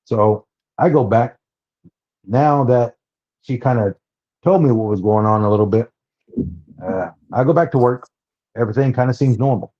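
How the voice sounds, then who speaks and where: A man from Oklahoma, a podcast guest, telling a personal story in a halting way, restarting and repeating words. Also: medium pitch. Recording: dull lo-fi sound.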